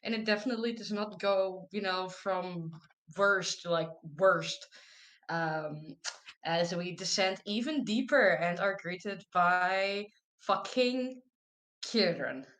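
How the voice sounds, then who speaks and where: A woman's voice: mid-range voice, takes it slowly, a bit bright. A woman player wryly recapping a tabletop game session with sarcastic asides. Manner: sarcastic, wry.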